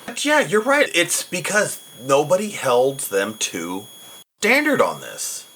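A man, a teacher, co-hosting a casual podcast chat in a lively, informal way. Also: a little high, slow pace, a little hiss or hum.

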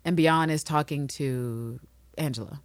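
Animated low-voiced woman podcast host. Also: unhurried, dry recording. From New York City. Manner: animated, swears, bursts of excitement. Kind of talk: casual TV recap chat.

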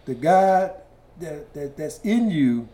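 A man's voice: fairly high pitch, lively intonation, takes it slowly, warm tone. A male podcast host asking hesitant, searching questions. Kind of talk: interview questions. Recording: roomy echo.

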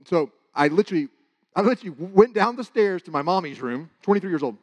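A man preaching, telling a personal testimony in an animated, halting way, with many restarts and sudden drops to a hush. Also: high-pitched. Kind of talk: sermon testimony storytelling.

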